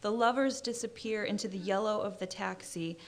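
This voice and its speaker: A woman reads her own short fiction aloud in a measured, dry narrating voice. Her pitch sits in a comfortable middle range. The delivery is steady and unhurried. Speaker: author reading her fiction. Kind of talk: literary reading.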